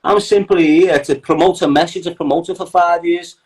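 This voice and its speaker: A man with a strong Liverpool accent talks in a heated, unfiltered way, swearing freely and mocking the people he names. His voice sits a little higher than most men's, and he keeps the pace up as he drives his points home. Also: steady tone, normal speed, a little mellow. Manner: blunt, profane, mocking. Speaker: interview guest. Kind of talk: heated casual chat.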